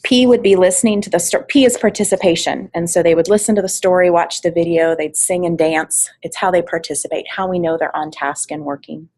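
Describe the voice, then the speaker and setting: Woman, husky voice, lowish pitch, practical training talk, volunteer coordinator. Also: fairly even intonation, brisk, few pauses, a little mellow, low-quality recording. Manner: practical, instructive, with fillers. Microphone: online meeting mic, at varying distance.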